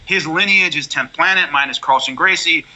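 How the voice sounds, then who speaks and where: Man, high bright voice, rapid, blunt storyteller, casual interview guest. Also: poor audio. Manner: blunt, animated storytelling with frequent restarts. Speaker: MMA color commentator, guest.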